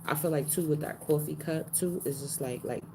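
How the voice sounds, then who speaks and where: Low-voiced woman reading spiritual cards. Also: a little fast, creaky, noisy background. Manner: slangy, repeats phrases, animated pitch jumps. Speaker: spiritual card reader. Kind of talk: casual card-reading livestream.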